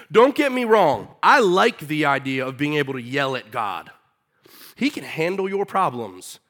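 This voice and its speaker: Bright-voiced man preaching casually. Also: on the high side, a little slow. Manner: animated, casual slangy preaching. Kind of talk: sermon.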